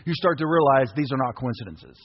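A man around fifty preaching a sermon as pastor, impassioned, breaking into shouts. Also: medium pitch, fairly quick. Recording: echoey hall, dull lo-fi sound.

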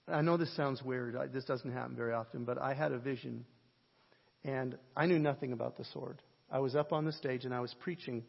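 A man preaching a sermon, telling a story in an animated way, with a husky voice. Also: medium pitch. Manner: animated, jokes and shouts at peaks. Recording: lo-fi sermon audio with long hall reverb.

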